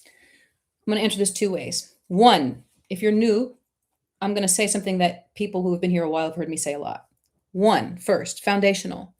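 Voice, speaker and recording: A woman's voice: medium pitch, normal speed. A woman hosting a live-stream Q&A, coaching artists in an emphatic, direct and encouraging way. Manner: warmly encouraging to the questioner.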